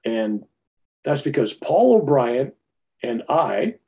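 An older man spins a personal tale, his voice mellow and low-key at a middling pitch. He rambles and restarts his sentences, then lifts into animated bursts as he goes. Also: slow. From United States. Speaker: storyteller. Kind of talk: personal storytelling.

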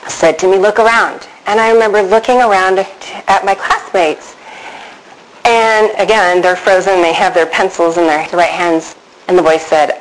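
A middle-aged woman telling a personal story to a live audience, animated and asking the audience questions. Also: on the low side, normal speed, a little hiss or hum, rough recording. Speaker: speaker addressing an audience.

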